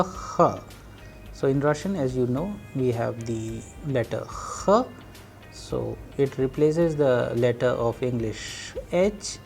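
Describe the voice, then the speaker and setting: Male language teacher, mid-range voice, warm and unhurried, walks students through phrases. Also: medium pitch. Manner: slow, explanatory, translating phrase by phrase. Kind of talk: recorded language lecture.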